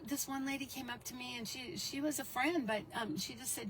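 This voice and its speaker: Middle-aged woman, interview guest, lively storyteller with a fairly high voice, faint hiss behind. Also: fairly quick. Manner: animated, acts out quoted voices.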